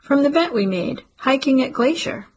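A woman reading a calm, deadpan grown man. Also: sits high, normal speed, slight background noise, voice pushed up. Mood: blunt. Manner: calm, businesslike, deadpan jokes. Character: calm, joking stepfather type, grown man.

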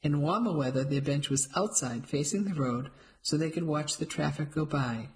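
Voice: medium pitch, moderate pace, rough recording. First-person storybook narrator, light and wry, mid-range voice.

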